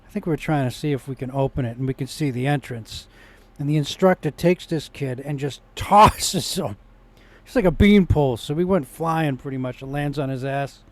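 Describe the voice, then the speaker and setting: A man's voice: mid-range voice, normal speed. A man telling a personal story in a rambling vlog monologue, with restarts, growing indignant in places. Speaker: vlogger.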